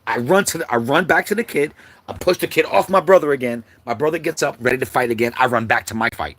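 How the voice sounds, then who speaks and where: A man hosting a livestream, telling a childhood story in a casual, animated way and acting out the quotes, with many asides to the listeners. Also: medium pitch, fast talker. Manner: animated storyteller, acts out quotes, many "you know what I'm saying" asides. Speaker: host. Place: livestream setup.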